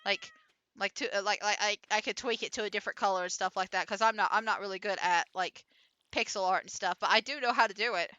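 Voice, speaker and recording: A woman's voice: medium pitch, fast talker, sharp tone, no echo, dull audio. A young adult woman streaming a farming game, chatting casually with lots of fillers, restarts and giggles. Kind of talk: casual gameplay commentary.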